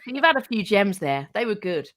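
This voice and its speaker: Woman, middle-aged, radio presenter as chatty guest, animated and a bit sweary. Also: mid-range voice, normal speed, slight background noise. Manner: animated, acts out quoted voices, swears freely. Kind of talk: casual anecdote telling.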